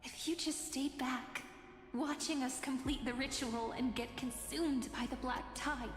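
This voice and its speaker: An actress playing a calm young woman in a video game, asking probing questions. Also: sits high, unhurried. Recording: game audio with reverb and music.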